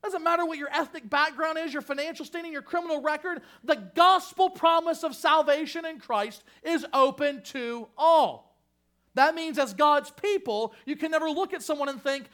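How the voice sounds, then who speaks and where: A male pastor with a strikingly high voice delivers his sermon. He is emphatic and insistent, repeating key phrases for force. His delivery swings between raised fervor and hushed, earnest lows. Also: normal speed.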